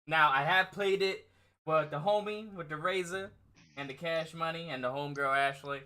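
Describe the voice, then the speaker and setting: A man's voice: on the high side, moderate pace, pushed and bright. A man hosting a casual gaming chat stream, laid-back and laughing often, swearing freely. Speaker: streamer host.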